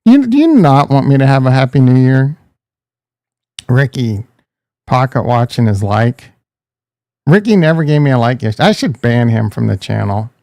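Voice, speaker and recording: A man's voice: mid-range voice, gravelly, dark tone, no echo. A man hosting a casual livestream, joking and ranting, talking straight to his chat and calling viewers bro and dude. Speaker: crypto livestream host.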